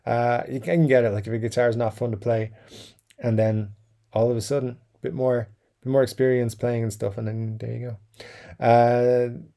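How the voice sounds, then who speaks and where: A man hosts a relaxed livestream chat and reads out viewer messages. His voice is dark and mellow, with a gravelly fry running through it. He wanders between thoughts, full of "um"s and soft chuckles. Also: medium pitch, normal speed. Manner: rambling, many fillers and chuckles. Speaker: livestream host reading chat. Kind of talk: casual live-stream chat.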